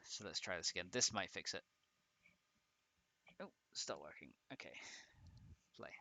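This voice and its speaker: A young man streams himself repairing a game mod, muttering as he troubleshoots and chatting casually with viewers. His low-pitched voice is animated, pushed and bright, at a moderate pace.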